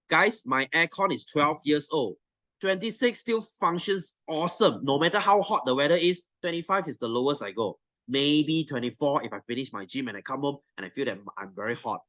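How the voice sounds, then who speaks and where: A man's voice: fairly high pitch, bright, forceful tone, dry recording. A young adult man with a Malaysian English accent, teaching a science class in a blunt, swearing, teasing rant to his students. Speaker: science tutor.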